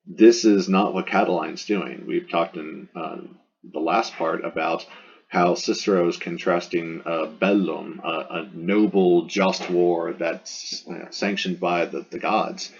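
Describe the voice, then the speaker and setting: Low gravelly man teaching Latin. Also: fairly even intonation, slow pace, a little hiss or hum. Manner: explanatory and conversational, many fillers and restarts. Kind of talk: line-by-line classroom translation lecture. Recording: dull lo-fi audio.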